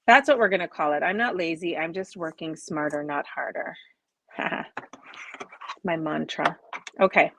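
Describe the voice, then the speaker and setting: A woman's voice: mid-range voice, background noise. A woman in her forties hosting a live crafting stream at her home desk. She chats casually with viewers, explains each step and laughs often at herself. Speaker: crafting host.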